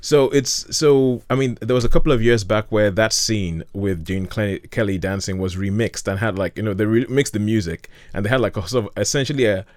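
A man hosts a casual chat about classic films, eager and rambling as he circles back over his points. His voice sits on the low side and the recording is dry and close. He keeps restarting his sentences as his thoughts run ahead. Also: fairly quick, few pauses, a little mellow, no room sound.

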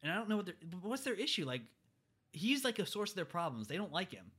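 Man, casual movie recap, rapid delivery, acts out characters. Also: sits high, breathy edge. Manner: animated, acts out characters in exaggerated voices. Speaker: podcast co-host.

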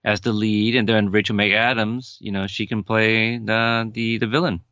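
Man, low voice, hesitant, restarts, casual movie talk, muffled dry recording. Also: level tone, normal speed, pushed and bright, no echo. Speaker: podcast co-host. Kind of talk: casual film chat.

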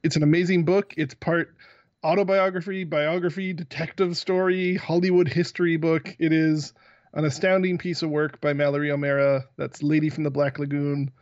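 A man's voice: fairly high pitch, level tone, normal speed, dry recording. A man guest on a podcast, enthusiastic and joking in casual chat. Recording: dry, dull lo-fi mic.

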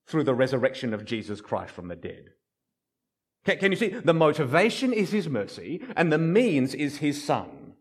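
Male preacher mid-sermon, lively swoops in pitch, hammers phrases by repeating them. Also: husky. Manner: emphatic repetition, drops low and slow on key phrases. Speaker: pastor.

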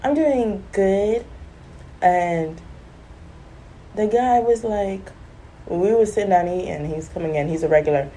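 Woman, casual vlog storytelling, animated, acts out voices, lower voice, mellow tone. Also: unhurried, pauses often, a little hiss or hum.

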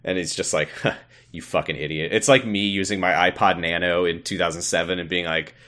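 A man's voice: low-pitched, fairly quick. A man co-hosting a podcast, casually recapping an episode and laughing as he acts out the characters. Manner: laughing, animated retelling with quoted voices. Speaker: podcast co-host.

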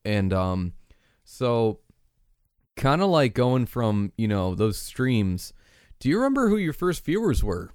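A man interviewing a streamer, rambling and relaxed, with many fillers. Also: medium pitch, takes it slowly, clean tone, no room sound, clean studio sound. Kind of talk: casual interview chat.

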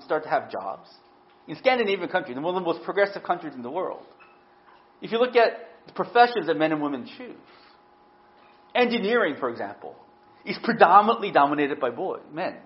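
Animated storytelling pastor, lo-fi. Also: male voice, a little high, fairly quick. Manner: animated storytelling, frequent "right?" tag questions. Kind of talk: sermon. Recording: dull lo-fi sound.

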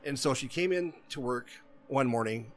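A man's voice: medium pitch, normal speed. Rambling man telling a story. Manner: rambling, repeats "she goes" while quoting others. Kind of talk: casual chat, telling a long story.

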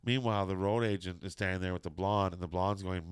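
A man's voice: sits low, quick pace, clear, resonant tone, dry recording, clean studio sound. A middle-aged man telling a long, profane anecdote in casual chat, acting out the people in it. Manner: profane, animated storytelling with quoted voices.

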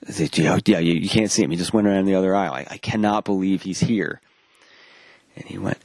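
Talking fast, a lowish-voiced man rambles through a casual story, performing the characters' dialogue with animation while restarting often and cursing now and then. The recording is dry and close-miked, with no room around it.

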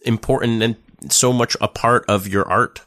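A man's voice: medium pitch, steady tone, normal speed, a bit bright, no room sound, studio quality. A man hosting a podcast, asking questions in a casual, chatty way and laughing along with his guest. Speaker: podcast host. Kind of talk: casual interview chat.

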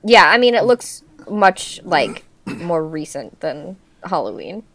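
A woman's voice: lowish voice, very animated, takes it slowly, fairly bright tone, slight background noise. A woman co-hosting a casual movie podcast, laid-back and agreeable, often murmuring along. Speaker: podcast co-host.

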